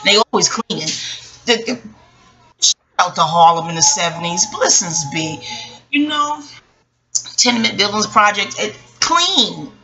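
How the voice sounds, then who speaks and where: A woman's voice: mid-range voice, a little slow, long pauses, poor audio. A woman in her forties with a New York accent, rambling casually and profanely about her childhood and a book. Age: 40s. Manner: profane, animated storytelling with asides. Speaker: book reviewer.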